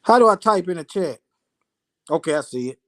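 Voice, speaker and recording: A man leading a live scripture study, reading verses aloud slowly and breaking off for casual, plain-spoken commentary. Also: high voice, animated, fairly bright tone. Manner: slow, deliberate reading broken by casual asides. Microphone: phone.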